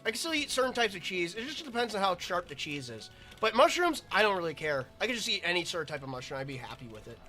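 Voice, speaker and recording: A man's voice: high voice, big pitch swings, fast, few pauses, sharp tone, faint music behind. A man giving rambling, chatty commentary while playing a video game. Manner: rambling, chatty, self-interrupting. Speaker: gaming video creator. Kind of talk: casual gameplay commentary.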